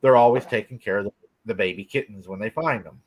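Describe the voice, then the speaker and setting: A man's voice: on the low side, fast. A middle-aged man in a folksy, drawling way tells a casual story about a strange night by the lake. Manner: folksy, drawling, laughs often. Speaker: guest telling a cryptid encounter. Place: rural farm home.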